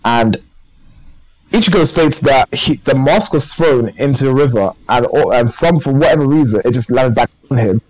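A man's voice: medium pitch, animated, normal speed, dry recording, rough recording. A man co-hosting a podcast, chatting casually and enthusiastically in a rambling way. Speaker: podcast co-host. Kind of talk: casual chat.

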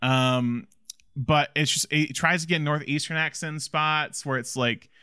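A man co-hosting a casual film discussion, animated and laughing often as he talks. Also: on the high side, a little slow, clean tone, no echo, studio quality. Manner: animated, laughs often, restarts when excited. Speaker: podcast co-host.

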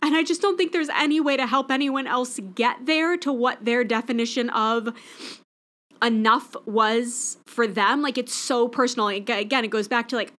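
A woman's voice: fairly high pitch, a bit bright. A woman hosting a podcast, speaking candidly and emotionally in a reflective personal monologue. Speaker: podcast host.

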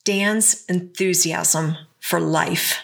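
A woman's voice: on the low side, fairly even intonation, extremely slow, vocal fry, fairly bright tone. A woman hosting a podcast, narrating scripted segments with asides to the listener. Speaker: podcast host.

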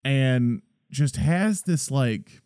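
A man co-hosting a podcast, talking through a film in a rambling, animated way. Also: medium pitch, very slow, smooth, dry recording, clean studio sound. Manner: rambling, animated, acts out quotes. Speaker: podcast co-host. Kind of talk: casual film discussion.

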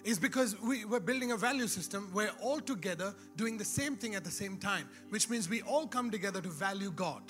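High-voiced preacher over music. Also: male voice, expressive, a little fast, hardly any pauses, a bit bright. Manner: conversational preaching with laughing asides, rising to emphatic exhortation. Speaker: pastor. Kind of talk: sermon. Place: church.

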